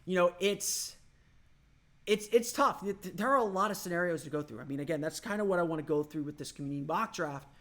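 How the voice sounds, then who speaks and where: A man's voice: sits high, fast, fairly bright tone. A man from Orlando hosting a solo sports podcast, thinking aloud in a loose, conversational way. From Orlando, Florida. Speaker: podcast host.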